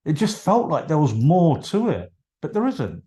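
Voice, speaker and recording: A man telling a story on a podcast over a video call, animated, acting out his own dialogue and trailing off. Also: a little high, normal speed. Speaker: podcast guest. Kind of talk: casual storytelling.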